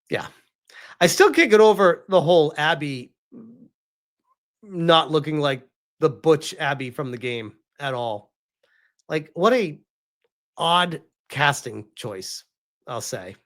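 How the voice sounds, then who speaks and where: A man giving a casual, animated vlog review, rambling and laughing often. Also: a little high. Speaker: video reviewer.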